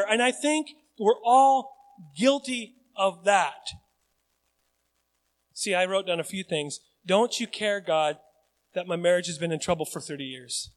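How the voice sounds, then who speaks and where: A male pastor preaching a sermon in a church, acting out desperate cries and then dropping to quiet reflection. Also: high-pitched. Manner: animated, acts out pleading cries then drops to quiet reflection.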